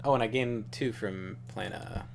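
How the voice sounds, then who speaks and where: A man's voice: lowish voice, moderate pace, creaky, a little hiss or hum. A young man chatting casually over a card game, rambling, laughing and swearing freely. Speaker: show regular.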